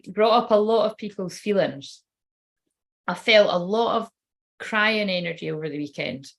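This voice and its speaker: A woman's voice: fairly low pitch, fairly bright tone. A woman reading oracle cards in a casual, rambling livestream chat, swearing now and then. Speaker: tarot card reader.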